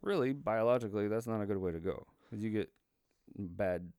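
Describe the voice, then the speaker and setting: A man's voice: on the low side, fairly quick, darkish tone, no echo, studio quality. A man co-hosting a casual podcast, blunt and emphatic in his opinions. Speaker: podcast co-host.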